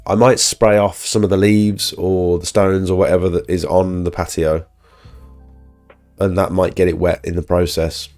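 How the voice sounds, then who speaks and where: Faint music plays behind this pressure washing business owner and live streamer as he talks to his viewers. His voice is low, level and darkish, moving at a normal speed, and he sounds ill while rambling through a casual, filler-packed chat.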